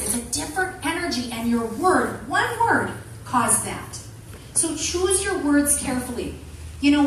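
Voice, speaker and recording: A woman gives a lively motivational talk to a room of women. Her voice sits a little high, and she acts out the people she quotes. The recording is distant and very echoey, with faint noise behind her. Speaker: motivational speaker. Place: meeting room with an audience.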